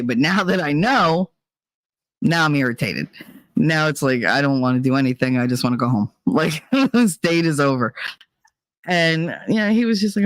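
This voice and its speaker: A middle-aged woman hosting her channel, telling a dating story to her chat in blunt, profane, animated talk and acting out both sides of the quarrel. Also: low-pitched, no echo. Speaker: channel host. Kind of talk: casual storytelling to a live chat.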